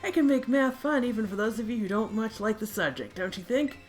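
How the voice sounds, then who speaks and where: A woman's voice: fairly high pitch, animated, fairly quick, faint music behind, pitched above the performer's own voice, lightly acted. A woman reading as an encouraging math teacher. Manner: gentle, encouraging classroom tone.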